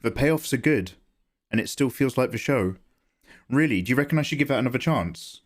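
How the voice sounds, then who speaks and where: A young man talks casually while drawing live at home, his voice sitting at an ordinary middle pitch. He drifts between tangents and rambling anecdotes, breaking into laughter often, close to a desk microphone. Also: lively intonation, a little fast. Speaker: livestream artist.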